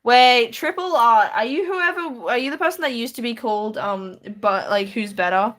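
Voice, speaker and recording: On the high side and fairly bright, her Australian-accented voice moves at a moderate pace. She chats casually with viewers during a drawing live stream from her room, laughing lightly as she replies.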